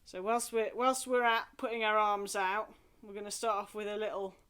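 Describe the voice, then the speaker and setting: A woman leading a remote singing lesson from home, talking in a gentle, encouraging, chatty way with playful asides. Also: mid-range voice, little pitch movement, moderate pace, smooth. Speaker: singing group leader. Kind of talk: friendly remote group singing and movement lesson.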